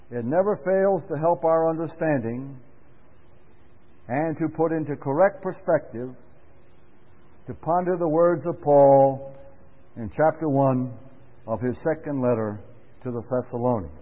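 A man giving a Bible class talk in an earnest, deliberate sermon style, stressing key words with sudden rises. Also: medium pitch. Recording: phone-like sound with long reverb in a hall.

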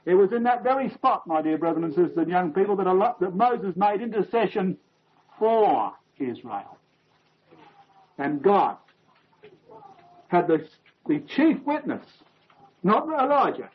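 A man preaching a sermon to his congregation, emphatic and measured, sinking to a hush for quoted lines. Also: extremely high pitch. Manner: emphatic, drops to hushed near-whisper on quoted lines. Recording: dull lo-fi recording.

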